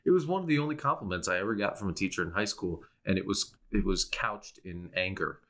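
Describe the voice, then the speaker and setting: Very low-voiced casual podcast co-host man. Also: fast talker, a bit bright. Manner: rambling, self-interrupting, with frequent restarts and laughs. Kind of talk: casual chat.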